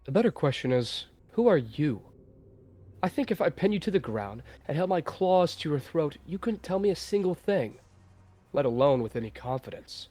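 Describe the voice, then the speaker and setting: A man voicing a cold, contemptuous adult tom cat who lurks in a dark dream forest, speaking with quiet menace. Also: on the high side, sing-song, normal speed, no echo. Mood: menacing. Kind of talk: online role-play voice acting.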